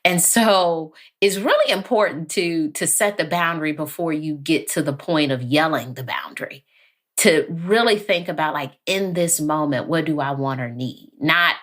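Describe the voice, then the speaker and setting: A woman guest on a podcast interview, talking calmly and evenly, sometimes acting out quoted lines. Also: low voice. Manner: calm, measured, acts out quoted lines. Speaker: therapist guest.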